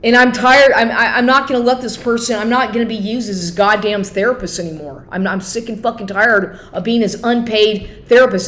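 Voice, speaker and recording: Angry, profane woman venting. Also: mid-range voice. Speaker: vlogger. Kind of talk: venting to camera.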